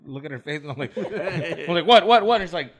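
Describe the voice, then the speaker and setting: A young man with a high, bright voice races through a story in casual podcast chat. He talks fast and animated, full of slang and swearing, and keeps slipping into the voices of the people in his tale. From United States. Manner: animated, profane slang-heavy storytelling, acts out quotes. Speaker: podcast co-host.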